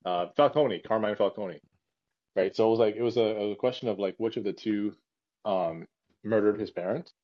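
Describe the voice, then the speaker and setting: Low-pitched man, mellow tone, rambling casual chat, dry dull lo-fi recording. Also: normal speed, no echo. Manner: rambling, many fillers and restarts. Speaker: podcast co-host.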